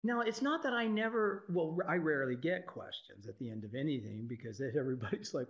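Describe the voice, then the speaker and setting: A man's voice: fairly high pitch, sing-song, normal speed, creaky, fairly bright tone. A man giving an informal, irreverent spiritual talk to a group, swearing freely and laughing often. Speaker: teacher. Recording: dull lo-fi recording.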